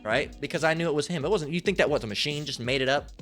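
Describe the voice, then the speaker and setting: A man's voice: fairly high pitch, quick pace, fairly bright tone, faint music behind. Rambling, cussing man giving a Bible talk. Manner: rambling, slangy, swears freely. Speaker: lay Bible teacher. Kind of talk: casual profane Bible lesson.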